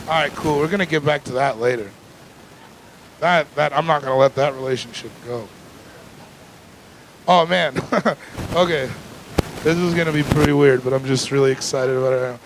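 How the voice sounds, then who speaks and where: A man performing a stand-up comedy set on a club stage, telling deadpan stories that build into loud rants. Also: medium pitch, normal speed, long pauses, noisy background.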